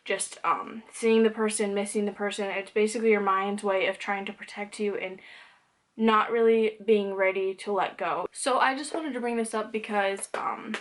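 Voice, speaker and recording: A woman's voice: medium pitch, fairly even intonation, moderate pace. A young woman talking candidly to camera in a personal vlog, conversational and loose, with plenty of "like" and "um". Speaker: vlogger.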